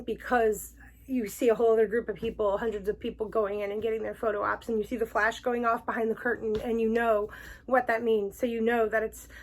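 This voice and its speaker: A woman's voice: fairly high pitch, low-quality recording. A woman hosting her own vlog, telling a personal story in a gushing, emotional way and laughing often between words. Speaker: vlog host.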